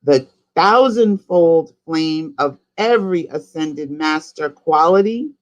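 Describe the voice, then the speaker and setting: A man from New York with a New York accent, a spiritual coach leading listeners through slow, rhythmic chanted decrees for them to repeat. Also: fairly high pitch, animated.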